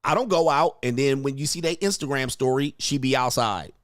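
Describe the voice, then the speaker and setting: A man's voice: medium pitch, a little fast, no echo. Male commentary host, crude and blunt, dry close sound. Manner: blunt, crude, repeats himself, mimics reactions. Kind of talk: commentary on video clips.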